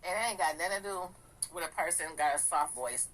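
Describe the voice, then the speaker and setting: A woman with a slightly raspy, deep voice, hosting a gossip channel and ranting bluntly with profanity. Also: fast, fairly bright tone, rough recording. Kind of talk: casual commentary.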